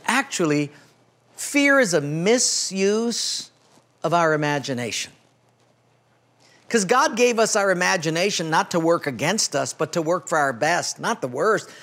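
A man's voice: high-pitched, animated, measured pace, fairly bright tone. A man preaching as a pastor, telling a humorous story and acting out its characters in a folksy way. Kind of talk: sermon with storytelling.

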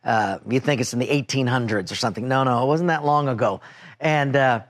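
A middle-aged man preaching a sermon, telling a personal story and acting out an argument in a raised, animated voice. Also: mid-range voice, brisk. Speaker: pastor.

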